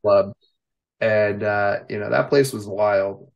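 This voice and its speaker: A low, gravelly-voiced man from the United States, in his forties, spins loose, rambling anecdotes as an interview guest. His speech wanders, stacked with "you know" and "like" as he circles back to his point. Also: fairly even intonation, takes it slowly, highs cut off. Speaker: veteran pro wrestler, interview guest. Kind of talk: casual storytelling interview.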